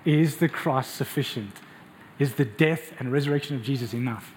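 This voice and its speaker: A man's voice: mid-range voice, moderate pace, darkish tone, slight background noise. A man preaching a passionate, emphatic sermon and speaking directly to his congregation in a church. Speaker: pastor.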